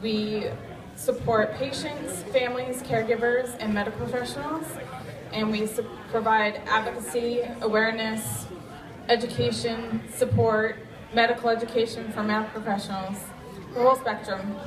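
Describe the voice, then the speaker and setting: Woman, brief halting intro speech, higher voice, distant mic, crowd noise behind. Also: flat delivery, reverberant. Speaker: event speaker for a patient association. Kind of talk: short introductory remarks.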